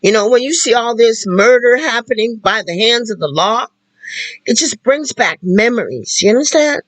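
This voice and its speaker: A livestream host talking while in tears, halting and repeating phrases. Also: mid-range voice, animated, a bit bright, no room sound, low-quality recording. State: tearful. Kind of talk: emotional spoken-word livestream talk.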